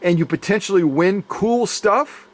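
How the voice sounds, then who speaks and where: Man, fairly high voice, playful, rambling, jokey, casual workshop host. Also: animated, unhurried. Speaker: sewing machine restorer and channel host. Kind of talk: casual unboxing chat to camera. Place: home workshop.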